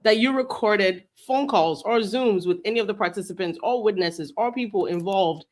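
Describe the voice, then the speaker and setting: A woman reading aloud an attorney's questions in a deposition during a live stream, at an even, methodical pace. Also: mid-range voice, moderate pace, close to an everyday voice.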